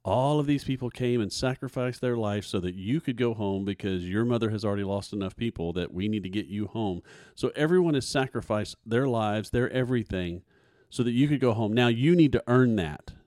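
A man hosts a casual faith podcast in an earnest, preachy way, stumbling and doubling back on his words. His voice sits on the low side. The sound is dry and close, with no room around it. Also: fairly quick, darkish tone, no echo. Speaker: podcast host.

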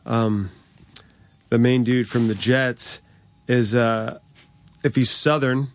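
A man's voice: mid-range voice, steady tone, takes it slowly, no room sound. A man hosting a podcast in casual chat, joking and wry with his guest. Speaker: podcast host.

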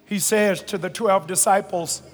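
A man pastor preaching a fervent sermon, stretching and shouting phrases and calling on the congregation to answer. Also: high-pitched, steady tone, measured pace, soft background music. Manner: colloquial, calls on the congregation to respond. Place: large church sanctuary. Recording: reverberant large hall, live church recording.

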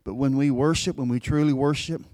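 A man preaching a sermon as pastor, earnest and plain-spoken, telling a story with pauses and restarts. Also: mid-range voice, steady tone, darkish tone.

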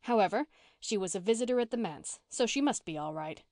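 A woman reading a classic novel aloud as an audiobook narrator, in an even, measured way. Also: mid-range voice, no echo, clean studio sound. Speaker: audiobook reader. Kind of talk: scripted narration.

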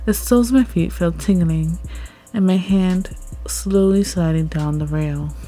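A woman reading a first-person story aloud, expressive and rising at tense moments. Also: lowish voice, measured pace. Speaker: story narrator. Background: faint background music.

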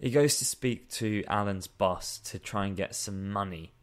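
A man's voice: on the low side, normal speed. A man co-hosting a casual chat, wry and exasperated, often laughing as he talks. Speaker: podcast co-host. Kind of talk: casual chat reviewing a film.

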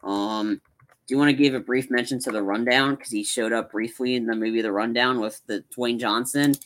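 A man on a live-streamed podcast, talking casually and rambling about movies, acting out scenes with excitement. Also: mid-range voice, brisk, a little hiss or hum. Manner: rambling, animated, acts out movie lines. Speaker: podcast co-host.

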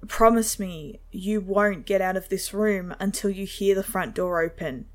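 A grave, tender father in a spoken horror story, low and urgent, pressing his words with quiet force, as a woman narrator puts him on. His pitch stays near the narrator's middle range. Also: measured pace, close to an everyday voice. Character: worried father, a police officer, grave and tender.

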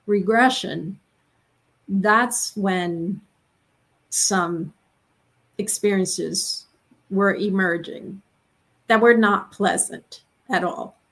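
A middle-aged woman, a guest in an interview, speaking earnestly and haltingly as she searches for words. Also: fairly high pitch. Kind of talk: conversational interview.

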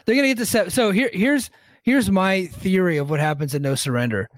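A man's voice: high voice, fairly quick, no room sound, clean studio sound. A man co-hosting a wrestling podcast, recapping events in a loose, joking way with frequent laughs. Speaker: podcast co-host.

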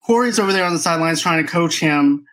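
A man guesting on a podcast, chatting about a movie and quickly recalling scenes. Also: on the high side, fairly bright tone. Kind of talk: casual movie review chat.

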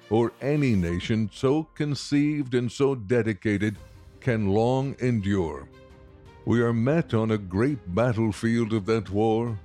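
A man reading the part of a solemn statesman giving a memorial address, in a slow, grave, deliberate recitation. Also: mid-range voice, darkish tone, close to an everyday voice. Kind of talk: dramatic reading.

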